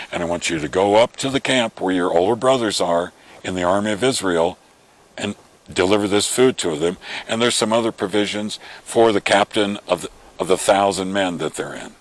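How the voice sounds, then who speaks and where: A man's voice: fairly low pitch, moderate pace, natural voice. Man voicing an old father giving orders. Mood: instructing. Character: old father sending his son on an errand.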